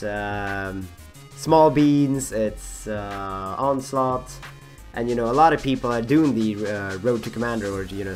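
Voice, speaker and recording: A young man with a husky voice rambling through casual gameplay commentary, full of fillers, restarts and self-mocking asides. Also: mid-range voice. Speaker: gaming channel host.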